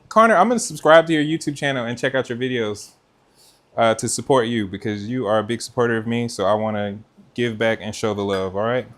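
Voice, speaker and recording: Cooking live from a kitchen, this male host keeps up a relaxed, chatty patter, addressing viewers directly and reading their comments aloud. He has an ordinary middle-pitched voice and uses a noise-cancelling microphone.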